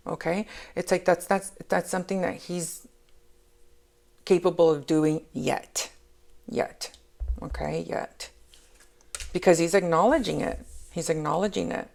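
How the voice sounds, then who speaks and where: A woman's voice: fairly low pitch, fairly even intonation, measured pace, creaky, long pauses, darkish tone. A woman giving a casual spoken tarot reading. She rambles, repeats herself and keeps checking in with "okay?". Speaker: tarot reader.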